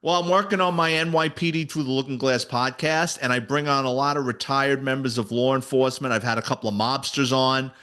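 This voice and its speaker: A man, a retired detective and author, telling stories in a casual interview, animated and salty. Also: mid-range voice, brisk, hardly any pauses, clean tone. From New York City. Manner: animated storyteller, voices quoted people, swears casually.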